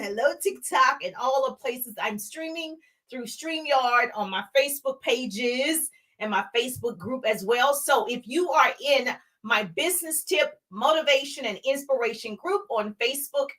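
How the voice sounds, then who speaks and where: A woman's voice: high-pitched, pushed and bright. A woman with a Southern accent from Georgia hosting a live business Q&A stream, greeting viewers in a bubbly, sing-song way before teaching.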